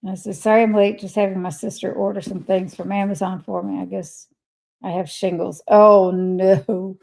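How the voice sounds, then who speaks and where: An older woman hosting a casual livestream reads viewers' messages out loud and answers each one warmly and chattily. Her gravelly voice has a mellow, dark tone at an everyday middle pitch, with little pitch movement and a slightly fast pace. The recording is low quality.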